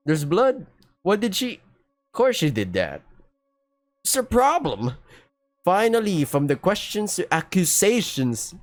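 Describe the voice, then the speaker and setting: Animated young man reading a visual novel. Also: fairly high pitch, no room sound. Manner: animated, joking, swears casually. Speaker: gaming streamer.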